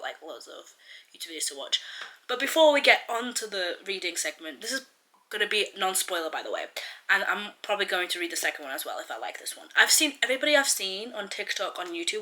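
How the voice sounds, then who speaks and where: A chatty young woman rambles about her current read, her voice sharp and tense at the top. She sits a little low for a woman, and her talk is loose and full of filler words. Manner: chatty, lots of "like" fillers, gushing. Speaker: book vlogger. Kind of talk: casual reading vlog chat.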